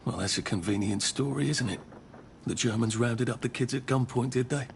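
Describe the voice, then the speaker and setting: A man playing a gravelly, sarcastic bitter man. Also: medium pitch, brisk, a little hiss or hum, lightly acted. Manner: sarcastic, loud. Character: bitter sarcastic adult man scoffing at propaganda.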